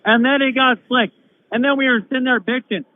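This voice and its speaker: A man calling in to a live stream, telling a heated story in a casual, animated way and swearing freely. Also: extremely high pitch, a little fast, a crowd in the background. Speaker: guest caller. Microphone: phone call. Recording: tinny phone line with faint hiss.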